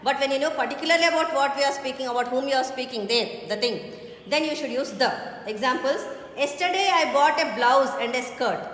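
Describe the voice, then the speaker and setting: A woman's voice: sits high, lively intonation, a little fast, a bit bright. A woman teaches a grammar lesson, explaining step by step and often checking with "okay?". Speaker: English teacher. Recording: very echoey hall with faint background noise.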